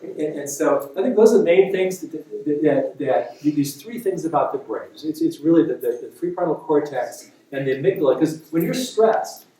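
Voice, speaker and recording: A man, a neuropsychologist, explaining brain science in a public lecture, with halting restarts. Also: a little high, dark tone. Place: lecture room. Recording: roomy hall, distant mic.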